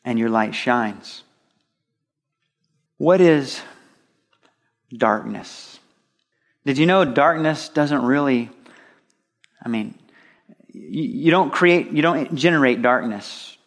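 A man preaching a sermon, swinging between emphatic loud stresses and soft drops. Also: mid-range voice, expressive, slow pace, long pauses.

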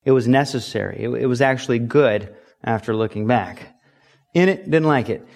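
A middle-aged man preaching a sermon, telling stories and acting out quoted voices with sudden loud, high bursts. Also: moderate pace, creaky. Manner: storytelling, acts out loud shouting quotes. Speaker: pastor.

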